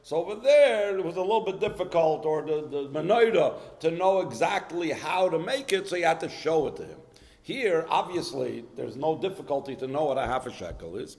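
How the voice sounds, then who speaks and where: A man's voice: on the high side, lively intonation, moderate pace, darkish tone, long reverb tail. A man teaching a Hasidic text in a lecture, reading Hebrew source lines, explaining them in English and posing rhetorical questions. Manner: poses rhetorical questions, with frequent restarts. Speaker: Torah teacher.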